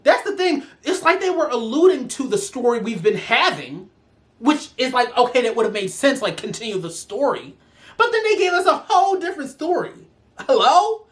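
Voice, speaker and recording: Sassy ranting woman with a lively voice. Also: high voice, moderate pace. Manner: sassy, profane, animated ranting. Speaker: show reviewer. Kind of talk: ranting review vlog.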